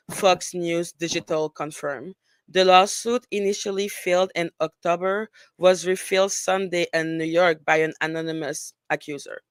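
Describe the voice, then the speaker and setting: Woman, French accent, podcast co-host, reading news aloud, smooth clear voice, dry close sound. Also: on the low side, no echo. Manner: reads carefully, then comments.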